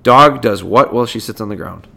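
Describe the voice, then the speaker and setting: A man talks through dog behavior on a podcast in a relaxed, conversational manner. His voice sits at an ordinary middle pitch. He often restarts sentences as he breaks ideas down step by step. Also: a little fast, vocal fry. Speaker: dog trainer and podcast host. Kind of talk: casual explanatory talk.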